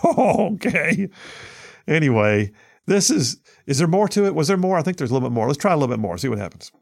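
A man hosting a talk radio show, his voice gravelly and his pitch swinging widely as he mocks and scoffs. He laughs often and keeps a sarcastic edge. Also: big pitch swings, a little fast, background noise. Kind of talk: opinionated talk radio commentary.

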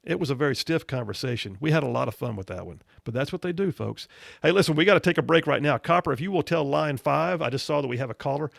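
Talk radio host, man, gravelly, folksy storyteller, dry studio sound. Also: fairly high pitch, lively intonation, fast talker, no echo.

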